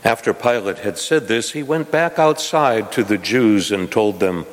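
A man reading scripture aloud in a measured, solemn manner. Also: fairly low pitch. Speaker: scripture reader. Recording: long hall reverb.

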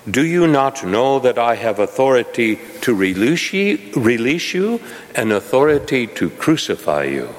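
A man reading the lines of a wary, questioning Roman governor in a scripture reading, a little higher and more pointed than his narration. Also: sing-song, normal speed, lightly acted. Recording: long hall reverb.

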